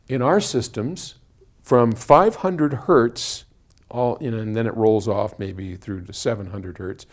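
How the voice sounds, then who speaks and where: A man's voice: mid-range voice, a little mellow. A man who runs an audio company, answering viewer questions in casual explanatory talk. He speaks conversationally with frequent restarts and repeated words, recorded on one microphone in an indoor room. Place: indoor room, moving toward and away from a wall. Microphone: single microphone in the room.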